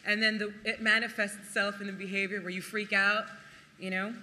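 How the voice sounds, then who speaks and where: Preacher, lively sermon, very bright tone, long hall reverb. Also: mid-range voice, a little hiss or hum. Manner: animated, laughs often, acts out quotes. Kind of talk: sermon with Bible reading.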